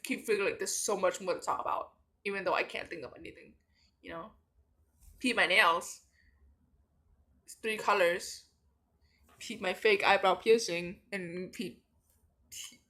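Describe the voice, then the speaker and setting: Young woman, late-night vlog, bright tone, rambling with many fillers, sleepy. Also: medium pitch. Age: young adult. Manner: rambling, filler-heavy talk with many likes. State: sleepy, tired. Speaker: vlogger.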